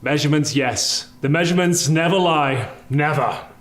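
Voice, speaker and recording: A man's voice: on the high side, normal speed, fairly bright tone. A man playing himself pompously in a comedy sketch, grandiose and condescending.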